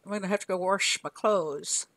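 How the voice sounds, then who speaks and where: An older woman from the American South talks with a Southern accent in a relaxed live-stream chat. She rambles, laughs often and answers her viewers aloud. Her voice sits in a middling range and sounds dry and close, with no room around it. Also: medium pitch, normal speed, no room sound. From Southern US, Arkansas. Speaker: game streamer.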